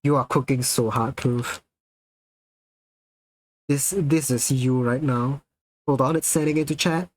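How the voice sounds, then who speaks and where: A man streaming live, chatting casually with his viewers, excitable, swearing freely and laughing often as he reacts to their messages. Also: medium pitch, measured pace, long pauses, no room sound, rough recording.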